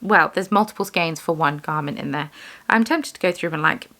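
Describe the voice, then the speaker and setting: A woman's voice: low voice, brisk, a bit bright. A young woman vlogger chatting casually while she does bead weaving, rambling and poking fun at herself. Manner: rambling, self-deprecating, chatty. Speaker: vlogger, yarn dyer and shop owner.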